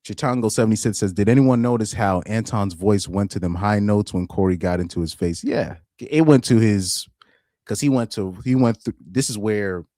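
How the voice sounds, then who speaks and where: A man with a deep voice hosting a casual livestream, reading chat and talking in a loose, rambling way with repeated words and frequent laughs. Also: mellow, no room sound, studio quality. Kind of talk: casual live-stream commentary.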